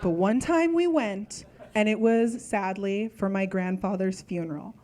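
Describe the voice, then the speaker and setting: A woman's voice: mid-range voice, a little slow, warm tone. A young adult woman performing a stand-up comedy set, talking in a chatty way full of "like" fillers.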